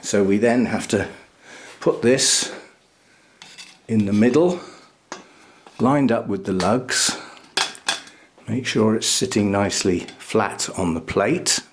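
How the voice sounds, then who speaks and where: A man's voice: lowish voice, takes it slowly, long pauses, slight background noise. A man giving a casual, chatty walkthrough inside a small greenhouse, chuckling at his own jokes and talking into a handheld camera mic. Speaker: orchid grower vlogger.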